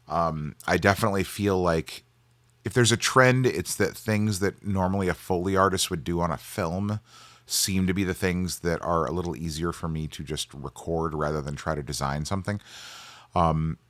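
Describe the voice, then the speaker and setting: A man's voice: deep voice, fairly bright tone, dry recording. A man in his forties, a game sound designer, answers viewer questions in a loose, casual way with lots of ums and restarts, and coughs now and then from allergies. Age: 40s.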